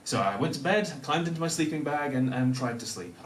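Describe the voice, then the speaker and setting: A young man from Newcastle with a softened Northern English accent, telling a self-deprecating personal story to a live audience, often laughing as he talks. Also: fairly high pitch, lively intonation, a little fast, slight background noise. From Newcastle, North of England. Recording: echoey room, mic at a distance.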